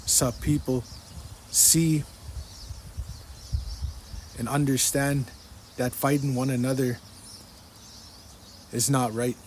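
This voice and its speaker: A man's voice: medium pitch, fairly even intonation, slow pace, pauses often, a little mellow, a little hiss or hum. A man giving a personal religious testimony, earnestly retelling a dream and repeating what he was told again and again. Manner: earnest, repetitive, quotes the speaker in the dream again and again.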